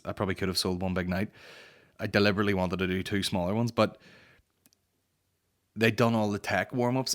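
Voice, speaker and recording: A young man hosting a comedy podcast, ranting casually in rambling, profane banter. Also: on the low side. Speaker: podcast host.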